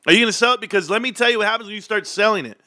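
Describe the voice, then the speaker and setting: Brash, high-voiced man ranting about stocks. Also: very fast, pushed and bright, no room sound, studio quality. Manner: brash, combative, profane. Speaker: stock market streamer. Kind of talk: ranting market commentary.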